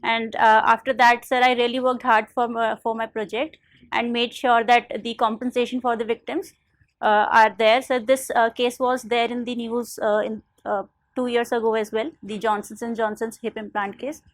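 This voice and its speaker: A young woman from India answering a formal interview panel politely, often saying "sir" and pausing with fillers. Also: on the high side, little pitch movement, no room sound. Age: young adult. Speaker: interview candidate.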